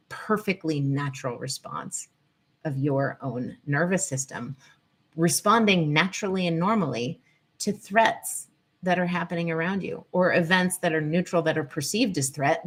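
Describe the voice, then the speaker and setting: Teaching about the nervous system from her home in Colorado, a woman hosts a live-stream lesson. She's chatty and digressive, greeting viewers in the middle of her talk. Her voice is deep and slightly rough.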